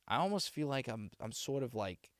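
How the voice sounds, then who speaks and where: A young man who streams and does voice acting signs off a livestream from his home setup, thanking viewers in a Boston accent he's putting on for practice. He rambles with lots of restarts in a casual chat. His medium-pitched voice swings widely in pitch at normal speed, with studio-quality sound and no room echo.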